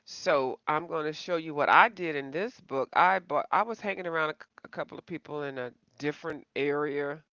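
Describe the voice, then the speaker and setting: A woman's voice: low-pitched, a little fast, few pauses, fairly bright tone, no echo. A woman hosting a casual live-stream and chatting to viewers. She rambles, calls them y'all and pokes fun at herself. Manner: self-deprecating. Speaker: coloring channel host. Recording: slightly dull, dry home recording.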